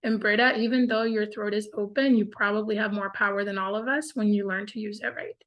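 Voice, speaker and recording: A woman's voice: medium pitch, steady tone, fairly quick, fairly bright tone, dull audio. A woman hosting a casual group coaching call, upbeat and encouraging, with a lot of "like" and "y'all".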